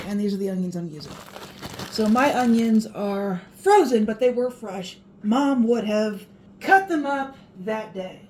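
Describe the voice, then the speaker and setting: A woman's voice: a little high, dark tone, slight background noise. Chatty middle-aged woman cooking at home. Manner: chatty, folksy, reminiscing asides. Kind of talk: casual cooking vlog. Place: home kitchen.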